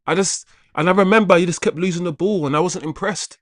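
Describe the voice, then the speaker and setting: A man's voice: sits high, fast talker, no room sound, clean studio sound. A man hosting a live football watch-along stream, talking casually and chattily to his viewers, repeating himself and greeting viewers by name.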